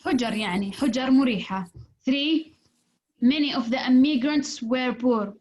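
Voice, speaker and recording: A woman teaching an English class, explaining slowly in English and switching into rapid Arabic. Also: sits high, darkish tone. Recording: dull lo-fi recording.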